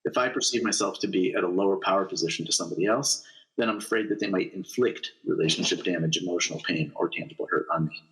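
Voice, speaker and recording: A man's voice: low-pitched, quick pace, low-quality recording. A middle-aged man, a negotiation lecturer and author, giving explanatory answers in an interview and acting out bits of dialogue as examples. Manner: animated, acts out dialogue examples.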